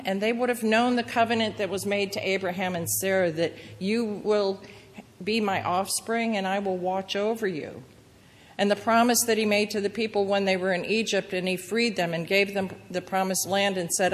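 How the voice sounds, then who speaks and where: A woman's voice: medium pitch, fairly even intonation, moderate pace. Woman preaching in a reverberant hall. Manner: earnest, gentle storytelling with quoted prayers. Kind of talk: sermon.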